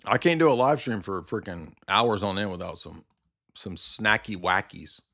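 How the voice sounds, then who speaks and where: A man's voice: low voice, moderate pace, vocal fry, bright, forceful tone. A man hosting a livestream, ranting in a combative, sarcastic commentary style. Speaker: livestream host.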